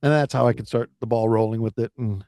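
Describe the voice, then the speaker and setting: Speaking quickly in a steady, warm, medium-pitched voice, a male podcast co-host rambles through casual conversation with frequent restarts. It's studio quality, with no room sound.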